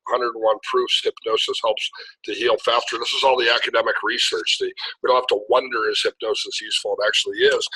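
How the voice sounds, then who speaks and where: A man's voice: mid-range voice, sharp tone, slightly rough, rough recording. A middle-aged man, a hypnotherapist talking fluently in a casual interview, with some restarts. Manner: fluent storyteller with frequent restarts. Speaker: guest hypnotherapist.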